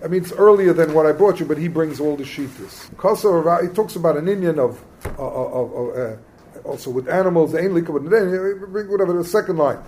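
A man's voice: fairly high pitch, a little fast, a little mellow, a little hiss or hum. A man giving a Talmud class lecture as a Torah teacher, explaining texts in English mixed with Hebrew terms and quizzing his students.

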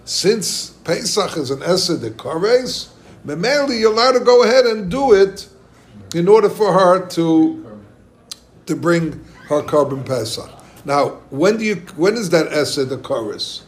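Male Talmud teacher, high voice, excited lecture full of restarts. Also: measured pace. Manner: excited, many restarts, questions to listeners.

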